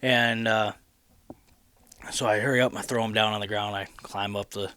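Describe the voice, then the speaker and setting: Animated Midwestern man telling a hunting story. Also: lowish voice, moderate pace, clean tone. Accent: Midwestern American. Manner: rambling, animated retelling with many restarts. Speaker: podcast host. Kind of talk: casual storytelling chat.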